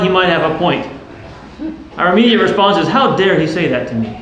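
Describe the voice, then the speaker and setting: In a very echoey church with faint background noise, a priest preaches a sermon in a high-pitched, fairly bright voice. He is earnest and explanatory, often posing questions to the listeners.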